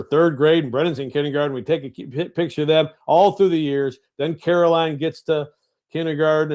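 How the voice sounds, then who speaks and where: This is a middle-aged man with a slightly raised voice, co-hosting a casual sports radio show from home over a video call. He tells stories with a self-deprecating edge and breaks into loud, animated outbursts as he acts them out. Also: fairly high pitch. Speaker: radio co-host. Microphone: home setup on video call.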